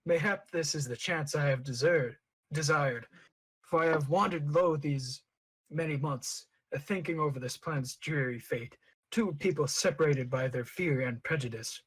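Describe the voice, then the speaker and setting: A man reading the inner thoughts of a clumsy-seeming alien who is secretly scheming, in slow, measured Shakespearean verse with a husky voice. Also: a little high, poor audio. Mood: brooding.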